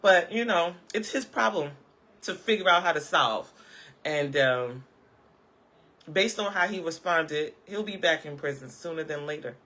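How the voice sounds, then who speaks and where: A bright, forceful-voiced woman talks straight to her live-chat viewers from home. Her delivery is sassy and emphatic, hammering each point home with a pointed "okay?". Her laughter comes easily between the jabs. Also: low-pitched, animated, a little slow. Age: adult, parent of a school-age child. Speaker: vlogger. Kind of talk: casual live-chat commentary.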